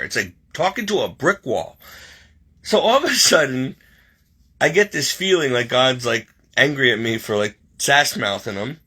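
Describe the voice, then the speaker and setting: Emotional man, bright but husky voice. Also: medium pitch, moderate pace. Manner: emotional, tearing up while reading, animated storytelling. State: teary. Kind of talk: personal testimony, casual talk.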